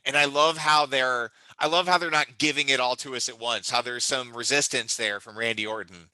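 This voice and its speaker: A man's voice: medium pitch, steady tone, fairly quick, bright, forceful tone, clean tone, no room sound, low-quality recording. A man co-hosting a casual wrestling chat, enthusiastic and teasing, often restarting his sentences. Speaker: podcast co-host.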